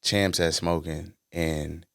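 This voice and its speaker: A man with a low, smooth voice, talking as a podcast guest. He tells stories in a relaxed, slangy way with plenty of easy fillers. The sound is dry and close. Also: takes it slowly, dry recording. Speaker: guest, R&B singer-songwriter. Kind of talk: casual podcast conversation.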